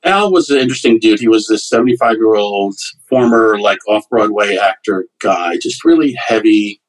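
Husky-voiced man telling stories. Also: fairly low pitch, moderate pace, rough recording. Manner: loose anecdotal, lots of fillers and restarts. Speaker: comedian guest. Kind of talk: casual storytelling interview.

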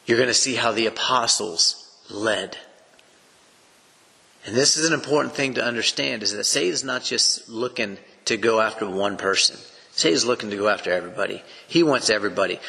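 A man's voice: fairly low pitch, normal speed, vocal fry, pushed and bright. A man with an East Texas accent giving an earnest, emphatic Bible teaching that explains things step by step. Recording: long echoing reverb.

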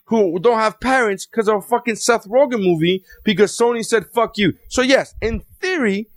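A man in his thirties co-hosting a podcast, ranting in animated, profane casual chat. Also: high-pitched, normal speed, no echo. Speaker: podcast co-host.

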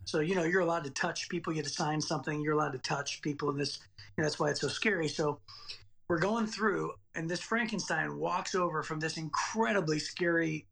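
On a podcast interview, a man in his late forties rambles through a childhood story of his own, repeating words as he goes. He talks a little fast in a slightly high, bit-bright voice with vocal fry.

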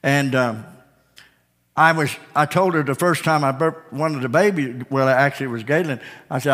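A man preaching a sermon as pastor, swinging between hushed, drawn-out lines and soaring, repeated phrases. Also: mid-range voice. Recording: long hall reverb.

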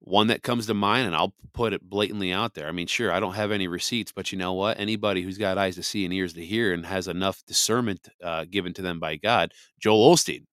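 A man's voice: low-pitched, steady tone, fast, few pauses, a bit bright, clear, resonant tone, no echo, studio quality. A man hosting a podcast, giving casual Bible commentary in a conversational, emphatic way, often saying "you know". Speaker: podcast host.

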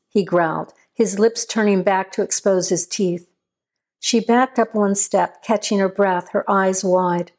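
A woman reading a horror story aloud as a scripted narration, at a steady, measured pace. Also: medium pitch.

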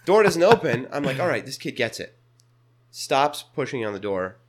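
A young man casually telling a funny story, his voice jumping up high whenever he quotes people. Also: normal speed. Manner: animated, jumps to high pitch when quoting people.

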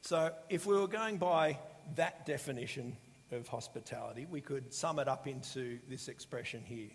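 A man preaching a sermon in a relaxed, conversational way, often pausing with fillers and restarting his sentences. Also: fairly high pitch. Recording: long hall reverb.

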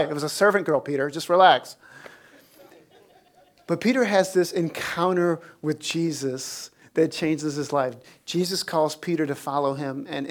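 A pastor preaching a sermon in a church, telling stories with big swings in pitch and frequent laughter, then slowing to speak quietly to the congregation. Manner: animated storytelling, lively pitch swings.

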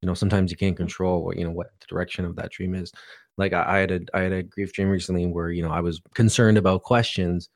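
A man's voice: sits low, little pitch movement, quick pace, no echo, clean studio sound. A man co-hosting a podcast, asking questions in a hesitant way with many fillers. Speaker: podcast co-host. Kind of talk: casual interview chat.

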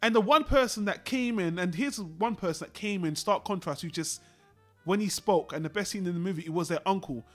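A man co-hosting a podcast, chatting casually about a film, animated and swearing as he acts out lines from it. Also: high-pitched, brisk, soft background music. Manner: animated, swearing, acts out characters in his retelling. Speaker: podcast co-host.

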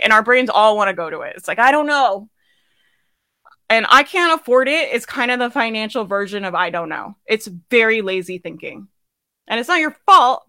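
A woman business coach giving a casual, emphatic live coaching talk. She swears, laughs often and acts out quoted thoughts in a higher voice. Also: sharp tone, no echo, studio quality.

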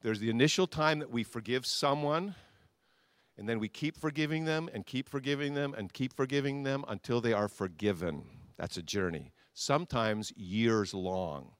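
A man's voice: mid-range voice, normal speed, no echo. A male pastor preaching a sermon with emphatic repetition, leading the congregation to repeat phrases back to him. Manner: emphatic, repetitive, leads congregation call-and-response.

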